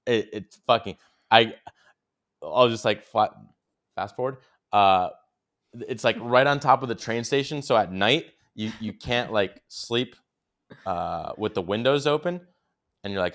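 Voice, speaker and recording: A man's voice: fairly low pitch, moderate pace, a bit bright. A young man hosting a podcast, telling a travel story in a rambling, casual way, swearing freely and saying "dude" a lot. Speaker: podcast co-host.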